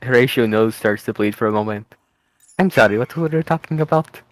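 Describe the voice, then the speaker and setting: A man's voice: mid-range voice, fairly quick, no room sound, rough recording. A man playing a tabletop role-playing game, switching between his own voice and his character in a playful, laughing, theatrical way. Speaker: tabletop player. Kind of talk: casual in-character tabletop play.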